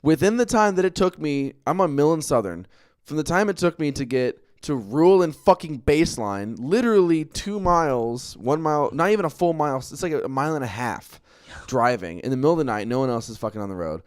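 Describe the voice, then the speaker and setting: A man's voice: fairly high pitch, lively intonation, fairly quick, clear, resonant tone, dry recording, clean studio sound. A man hosting a podcast, telling a story in a casual, rambling way, swearing often and laughing at his own jokes. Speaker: podcast host.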